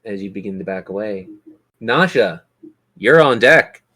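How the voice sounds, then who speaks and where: A man's voice: lowish voice, animated, measured pace, bright, forceful tone. A man narrating a tabletop game as game master, with dramatic, descriptive narration at an uneven pace.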